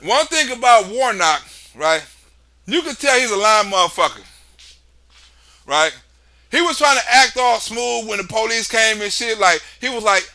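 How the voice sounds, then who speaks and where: A man hosting a livestream, giving loud, excitable, profane political commentary and tagging many remarks with "right?". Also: high voice, moderate pace, pauses often. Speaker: livestream host.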